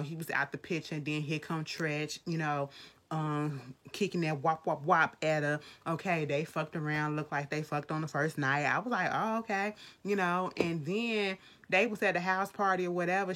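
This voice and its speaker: A woman in casual chat, reviewing a film in a blunt, profane and animated way. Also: sits low, normal speed.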